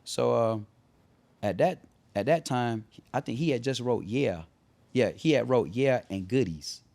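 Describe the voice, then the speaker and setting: Animated middle-aged man telling stories. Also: measured pace, creaky. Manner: animated storyteller who imitates people in high voices. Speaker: R&B singer guest. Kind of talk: casual interview storytelling.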